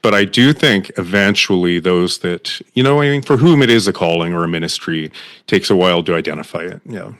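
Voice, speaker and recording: A man's voice: low voice, a little fast, a bit bright, no echo, studio quality. A man hosting an interview, talking reflectively and laughing often. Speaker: podcast host. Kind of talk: conversational interview.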